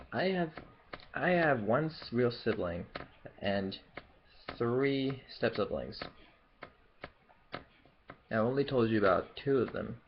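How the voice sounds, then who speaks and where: A man's voice: lowish voice, lo-fi sound, slight background noise. A young man from the southern US with no regional accent, chatting through a casual Q&A vlog in a rambling way, with lots of fillers and restarts. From Memphis, Southern US. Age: young adult. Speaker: YouTuber.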